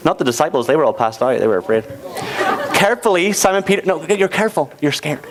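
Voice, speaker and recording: Man teaching a youth Bible lesson, playful and animated, high voice, lively pitch, noisy recording. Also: quick pace. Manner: playful, animated, laughing teacher directing a skit. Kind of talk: interactive Bible lesson with volunteers. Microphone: handheld microphone.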